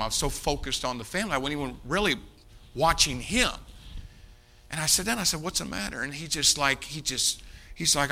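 A male preacher telling a story in a sermon, emphatic and dramatic, dropping to a hush in prayer. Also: fairly high pitch.

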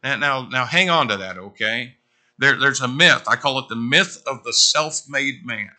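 Forceful, bright-voiced middle-aged preacher. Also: male voice, mid-range voice, moderate pace. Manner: conversational, animated storytelling with asides to the congregation. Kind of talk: sermon.

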